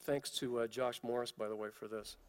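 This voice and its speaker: A man's voice: mid-range voice, steady tone, a little fast, clean tone. Man preaching in a reverberant hall. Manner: conversational, storytelling with fillers. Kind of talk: sermon.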